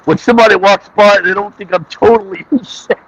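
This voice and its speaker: Goofy, gravelly man streaming from a street. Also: high-pitched, very animated, a little fast, a bit bright, slight background noise, poor audio. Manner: goofy, self-mocking, rambling. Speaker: livestreamer staging a mock audit. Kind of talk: joking live-stream chat. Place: outdoors on a city street by concrete. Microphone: headset.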